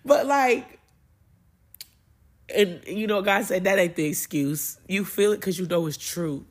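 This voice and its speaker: A young adult woman hosting a podcast, talking casually about faith in an emotional, animated way, often repeating and restarting her words. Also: on the low side, moderate pace, breathy edge. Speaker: podcast host and preacher. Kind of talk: casual spiritual talk.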